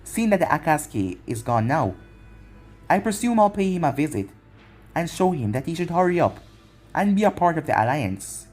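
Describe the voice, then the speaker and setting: A man voicing a vengeful young ninja who taunts slowly and coldly, in a fan-made anime story reading. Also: a little high, sing-song, darkish tone, soft background music. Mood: menacing. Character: vengeful young man Naruto, cold and mocking.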